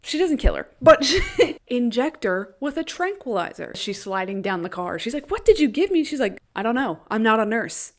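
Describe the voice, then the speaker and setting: Chatty woman retelling a show, animated, laughs a lot, slips into the characters' voices. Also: fairly high pitch, normal speed. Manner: animated, jumps into quoted voices, laughs often. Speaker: YouTuber recapping a TV series. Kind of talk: casual recap.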